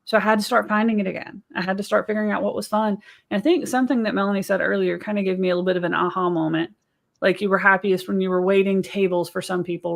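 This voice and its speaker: A middle-aged American woman talks on a podcast with a gravelly, creaky edge to her voice. She tells stories casually and often tosses in a "right?" as she goes. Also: mid-range voice. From United States. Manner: chatty, storytelling, says "right?" and "y'all". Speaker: podcast co-host, business coach.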